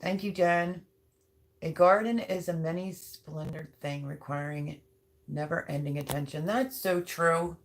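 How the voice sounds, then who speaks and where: A woman's voice: low-pitched, fairly even intonation, measured pace. A middle-aged woman chatting casually on her home livestream, reading viewer comments aloud in a rambling way with many ums. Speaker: livestream host.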